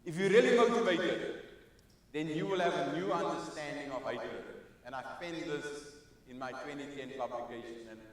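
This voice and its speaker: A man giving a keynote speech, dropping to quiet asides and then rising to loud, emphatic peaks. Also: mid-range voice, normal speed, recorded from a distance. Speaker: keynote speaker. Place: large conference hall. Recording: echoey hall, speaker off-mic.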